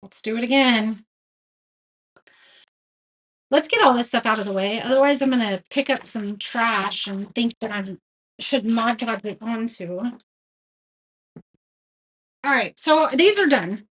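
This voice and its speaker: Her voice sits fairly high and bright, and she speaks at a measured pace with frequent pauses. As host of a live craft tutorial, she reads viewer comments aloud, jokes about her own mistakes, and keeps things chatty.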